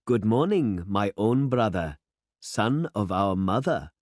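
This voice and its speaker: A man's voice: on the low side, sing-song, takes it slowly, darkish tone, no room sound, studio quality. A man voicing a humble, earnest older country priest who asks polite questions, in a storybook reading.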